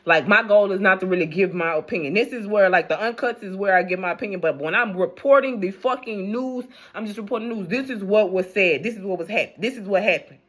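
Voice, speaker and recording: A woman's voice: medium pitch, fairly quick, hardly any pauses, fairly bright tone. A young adult woman speaking, delivering a blunt, rambling rant on the news with plenty of profanity. She talks casually and unscripted, restarting her sentences as her thoughts run ahead. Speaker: news commentator vlogger.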